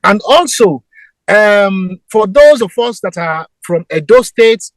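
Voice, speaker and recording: A man calling in to a show, giving event details and spelling out addresses slowly. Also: sits high, animated, no room sound, low-quality recording. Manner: repeats addresses and postcodes slowly. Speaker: caller from abroad. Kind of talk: announcement on a live show.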